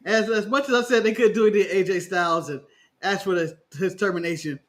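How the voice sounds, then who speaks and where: A man's voice: sits high, quick pace. A man from the United States co-hosting a casual wrestling review podcast, joking and laughing often. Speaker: podcast co-host.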